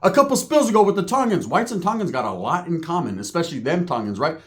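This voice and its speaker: A man's voice: on the high side, sing-song, fast talker, hardly any pauses. A man telling a profane, comic story in casual talk, tagging his lines with "right?". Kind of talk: comedic storytelling.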